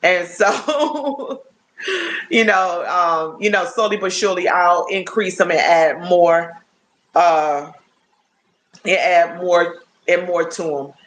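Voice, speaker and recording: A woman in her fifties chatting casually and warmly to her viewers on a phone livestream, often checking in with "you know what I'm saying?". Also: lowish voice, takes it slowly, long pauses. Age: 50s. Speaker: livestream host.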